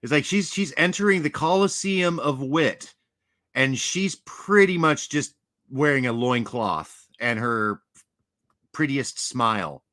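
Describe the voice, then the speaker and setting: A man's voice: mid-range voice, animated, slow pace, sharp tone. A man hosting a commentary channel, mocking a clip in a sardonic way.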